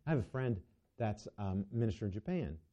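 A male preacher with a lowish, dark voice speaks a little fast with lively intonation, delivering a sermon to his congregation. He asks them rhetorical questions and often stumbles and restarts his sentences, captured in a dull lo-fi recording.

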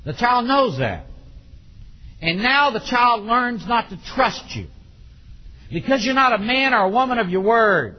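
Animated preacher man, muffled sermon recording. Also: very high voice, a little slow, pauses often. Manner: animated, acts out parents and children, bursts into shouts.

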